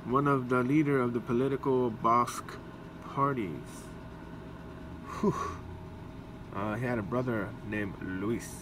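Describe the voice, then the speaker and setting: A man in his forties talking casually in a response video, animated and chatty with drawn-out emphasis. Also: medium pitch, background noise. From Puerto Rican heritage. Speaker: vlogger. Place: indoors at home.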